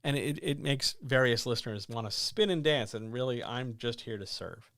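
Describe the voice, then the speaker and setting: A man hosting a live-stream advice show, giving writers blunt, joking advice and talking straight to the listener. His voice sits at an everyday middle pitch. The sound is dry and close, with no room echo. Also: moderate pace, vocal fry, fairly bright tone. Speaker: host answering writing questions.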